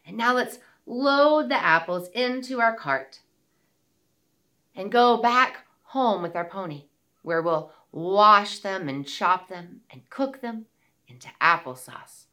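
Teacher lady singing and talking to little kids, real slow, bright clear voice. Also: medium pitch, lively intonation. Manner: gentle, slow, sings nursery rhymes and songs. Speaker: children's teacher. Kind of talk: children's circle-time lesson.

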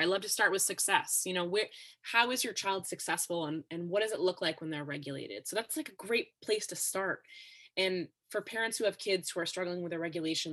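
A woman guest on a podcast interview, explaining ideas in a steady, instructive way. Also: lowish voice. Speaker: expert guest.

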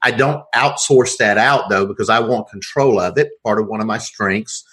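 A middle-aged man with a Southern US accent, speaking in a low, steady voice. He answers politely and courteously as a guest on an interview show. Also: moderate pace, slightly rough. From Georgia, US. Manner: polite, says sir often. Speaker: podcast guest. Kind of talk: interview conversation.

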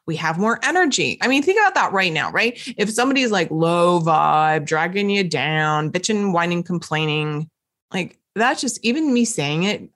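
A middle-aged woman hosting a podcast at home, talking straight to the listener in a lively, coaching way about gratitude. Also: fairly low pitch. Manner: animated, coaching, talks to the listener directly. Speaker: podcast host. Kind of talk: motivational podcast talk. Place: indoors at home.

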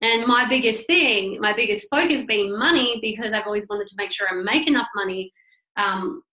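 A woman's voice: mid-range voice, normal speed, sharp tone. A woman who runs her own business tells a personal story from her desk at home, candid and emotional, swearing freely. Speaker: small business owner. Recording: echoey room.

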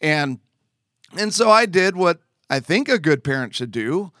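A man's voice: on the high side, big pitch swings, unhurried, a bit bright, dry recording, clean studio sound. A man earnestly telling a personal testimony as a father, conversational with emphatic asides.

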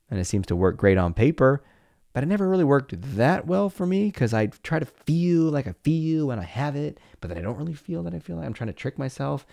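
A man's voice: mid-range voice, very animated, a little fast, vocal fry, warm tone, no echo, studio quality. A man, likely in his forties, hosting a podcast in a candid, reflective monologue with playful asides, acting out his own inner voices. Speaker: podcast host.

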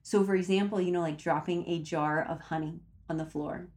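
A woman's voice: lowish voice, fairly even intonation, brisk, a little mellow. A woman speaking casually to her viewers, giving self-help advice in a chatty way and repeating words for emphasis.

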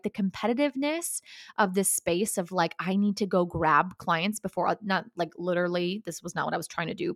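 A woman's voice: mid-range voice, dry recording, clean studio sound. A woman who is a business coach, hosting a casual solo podcast, speaking candidly, swearing freely and acting out her own inner voice.

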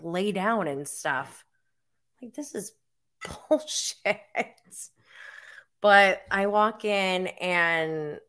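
A woman in her forties, a mom vlogger, tells a story to camera in a casual, chatty way, filling her sentences with "like." Her voice is lowish yet bright and forceful. It's recorded on the camera mic.

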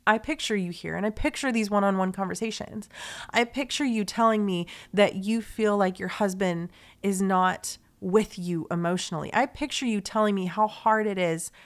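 A woman's voice: medium pitch, normal speed. A young woman hosting a podcast, talking in a heartfelt, confiding monologue that rambles along with fillers and restarts and turns emotional. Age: young adult. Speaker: podcast host.

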